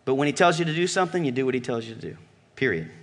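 Here a man leads a sermon at a racing clip, his intonation lively. As pastor, he alternates booming calls with quiet murmurs and asks the congregation questions, all delivered emphatically.

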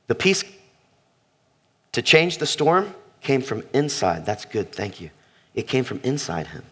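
A man's voice: mid-range voice, very animated, unhurried, pauses often, fairly bright tone, slightly rough. A man preaching a sermon as pastor, emphatic, repeating phrases and asking the congregation questions. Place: church sanctuary.

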